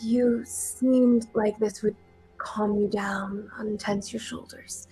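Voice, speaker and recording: A woman voicing a young woman serving drinks at a bar, in a soft breathy whisper, as whispered role-play. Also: fairly high pitch, fairly even intonation, moderate pace, faint music behind, close to an everyday voice, low-quality recording. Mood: offhand.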